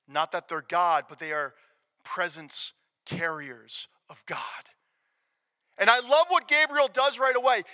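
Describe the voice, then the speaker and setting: A man preaching a sermon, emphatic, swinging from loud declarations to hushed near-whispers. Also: extremely high pitch. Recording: long reverb of a large hall.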